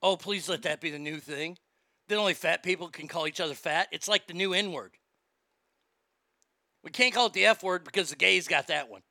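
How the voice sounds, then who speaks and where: A man's voice: high voice, normal speed, gravelly, sharp tone, dry recording. A man ranting in a sarcastic, indignant, profane commentary, recorded on a close mic. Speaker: social media commentator.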